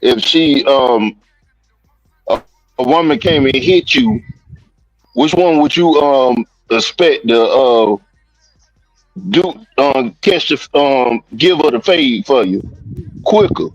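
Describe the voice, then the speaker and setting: A man chatting on a panel, halting and searching for his words with many ums. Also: medium pitch, animated, dry recording, muffled recording, faint music behind. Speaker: guest panelist. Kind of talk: casual chat.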